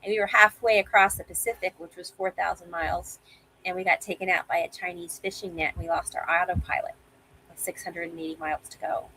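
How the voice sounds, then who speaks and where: A woman in her fifties telling sailing stories as a guest over a video call, animated and vivid. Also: lowish voice, brisk, slight background noise, rough recording. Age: 50s. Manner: animated storyteller, acts out quoted voices. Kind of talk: casual interview storytelling.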